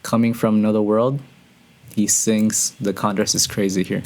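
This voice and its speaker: Male reaction host with a lowish, gravelly voice, excitable and slangy, talking straight to viewers. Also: normal speed. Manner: breaks into excited high exclamations. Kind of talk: casual reaction commentary.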